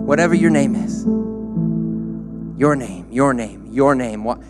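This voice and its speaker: A man's voice: mid-range voice, animated, a little slow, pauses often, over loud music. A man preaching a sermon, urging his listeners with short repeated calls. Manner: exhorting, repetitive, builds to loud celebration then drops soft. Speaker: pastor.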